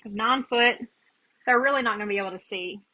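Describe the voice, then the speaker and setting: Woman, 30s, live craft-demo host; chatty, slightly high, bright and punchy. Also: fairly quick, muffled recording. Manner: chatty, greets viewers by name while working.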